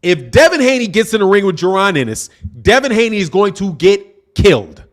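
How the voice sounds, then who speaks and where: Heated high-voiced man on a boxing livestream. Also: big pitch swings, brisk. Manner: blunt, heated, mocking commenters, repeats himself. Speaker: boxing channel host. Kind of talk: livestream commentary reading chat.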